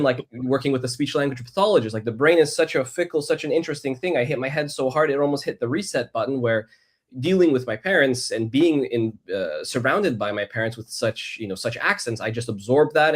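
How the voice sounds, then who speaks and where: A man from Canada, a podcast guest, telling his personal story in a reflective, measured way with frequent restarts. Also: mid-range voice.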